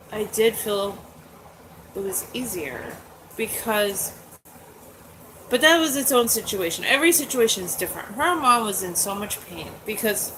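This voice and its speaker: A forty-something woman talks openly in a relaxed, rambling way, filling gaps with "like" and "um". Her voice sits at a middle pitch. Clear background noise runs under the recording. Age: 40s. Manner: candid, chatty, lots of "like" and "um". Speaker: host. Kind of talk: casual chat. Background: dogs nearby.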